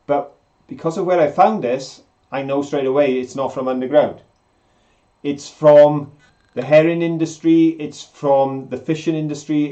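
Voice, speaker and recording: The slightly dull lo-fi recording catches a man with a somewhat high, dark-toned voice co-hosting a live stream. He chats casually, joking around with plenty of enthusiasm.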